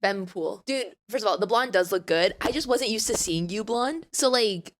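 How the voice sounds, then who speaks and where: A woman's voice: medium pitch, expressive, normal speed. A young woman co-hosting a podcast, teasing her co-host in casual chat. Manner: teasing, laughs a lot.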